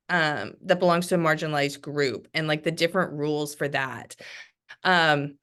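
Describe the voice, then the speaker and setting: Woman, discussion leader on a video call, low-ish steady voice, even keel. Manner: even-tempered, many ums. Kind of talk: casual group discussion.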